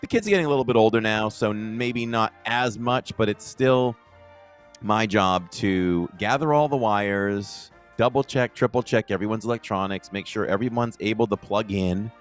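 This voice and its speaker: A man co-hosting a casual podcast, animated and rambling, his voice jumping up when he gets excited. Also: fairly low pitch, normal speed, soft background music. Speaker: podcast co-host.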